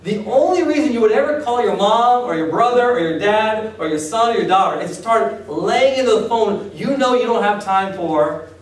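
A man's voice: high-pitched, expressive, normal speed. A man preaching a sermon as pastor, talking conversationally with acted-out asides and questions to the congregation. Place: church hall. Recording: echoey hall, distant mic.

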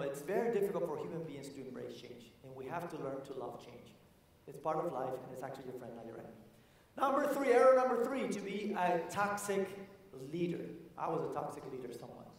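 A man giving an energetic motivational conference talk, speaking straight to the audience as he tells a story. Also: on the high side, recorded from a distance. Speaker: keynote speaker. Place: large conference hall. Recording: echoey hall, voice from afar.

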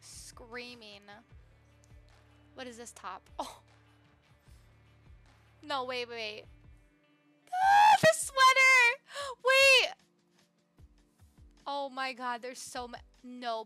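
A young woman live-streaming a game, gushing excitedly and chatting with viewers. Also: on the high side, slow, long pauses, faint music behind. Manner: excitable, gushing, talks to chat.

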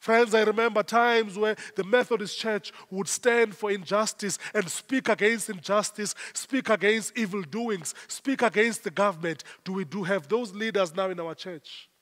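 A man's voice: high voice, moderate pace, few pauses, a bit bright. A South African man preaching a sermon as pastor, emphatic and repeating his phrases in rising waves. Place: church. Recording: long church hall reverb.

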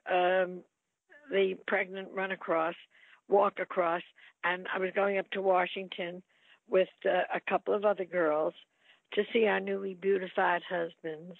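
A woman's voice: lowish voice, gravelly, dry recording. An older woman, an actress, telling playful anecdotes in an interview. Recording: phone-like line, dry.

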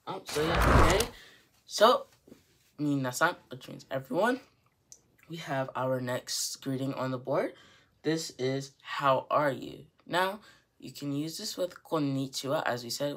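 A woman teaching Japanese in a casual video lesson, rambling a bit, correcting herself and repeating words slowly to demonstrate. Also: extremely low pitch.

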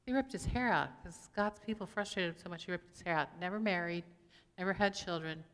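A woman's voice: on the low side, brisk, a bit bright, smooth. A woman pastor giving a conversational sermon, asking the congregation questions as she goes. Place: church sanctuary. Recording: long church reverb.

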